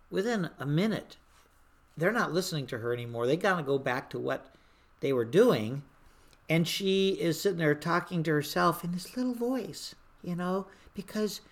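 An older storyteller recounting an emergency-response experience in a mid-pitched voice. The delivery is animated and conversational, jumping into quoted voices that rise loud and commanding. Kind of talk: personal storytelling.

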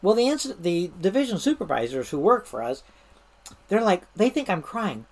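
A woman's voice: lowish voice, normal speed. A middle-aged woman who spent her career in the fire service tells old stories in a loose, chatty way. She sounds amused, breaking into laughter and restarting her sentences often. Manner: lively and amused, laughs while telling, many restarts. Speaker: retired fire service manager telling stories. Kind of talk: casual anecdotal storytelling.

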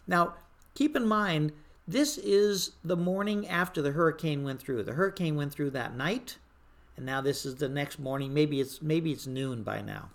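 An older storyteller recounting an emergency-response experience in a mid-pitched voice. The delivery is animated and conversational, jumping into quoted voices that rise loud and commanding. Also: normal speed. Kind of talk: personal storytelling.

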